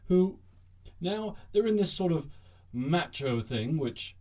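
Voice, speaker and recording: A man's voice: on the high side, expressive, takes it slowly, darkish tone. A man hosting a satirical news monologue, talking in a sarcastic, jokey way. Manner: sarcastic, jokey, bursts into mock cheering. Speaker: host.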